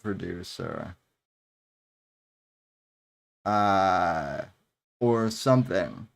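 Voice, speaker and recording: A man's voice: sits low, lively intonation, very slow, vocal fry. A man co-hosting a comedy podcast who stammers and giggles through his remarks. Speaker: podcast co-host. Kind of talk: casual comedy podcast chat.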